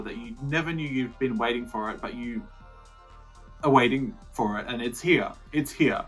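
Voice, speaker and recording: A man's voice: medium pitch, normal speed, fairly bright tone, slightly rough, faint music behind. A young man from Australia chatting casually to camera, playful and rambling, with lots of flustered restarts. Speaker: YouTuber and songwriter. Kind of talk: casual vlog talk.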